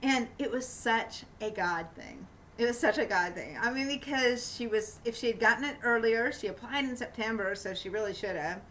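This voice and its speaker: A woman's voice: on the high side, moderate pace, distant mic, slight background noise, poor audio. Rambling woman telling a personal story. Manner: rambling, many fillers and restarts, animated when quoting others. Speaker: vlogger. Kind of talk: casual storytelling.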